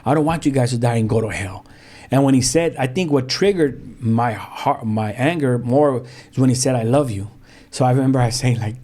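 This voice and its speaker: La dude, pastor now, telling his story casual with slang, mellow dark voice. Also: mid-range voice, moderate pace. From South Central Los Angeles. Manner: street slang, repeated restarts, acts out quoted voices. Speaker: pastor and podcast guest. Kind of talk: personal testimony in a podcast interview.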